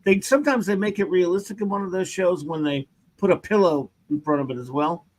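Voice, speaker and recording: A man's voice: sits high, fairly quick, a little mellow. A man co-hosting a casual comic book podcast, joking and riffing on the story. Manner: jokey, riffs in mock voices. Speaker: podcast co-host.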